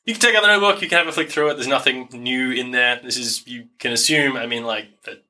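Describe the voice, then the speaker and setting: A man's voice: medium pitch, quick pace, bright, forceful tone, a little hiss or hum. A man running a tabletop game as game master, narrating scenes in a casual, descriptive way with lots of "like".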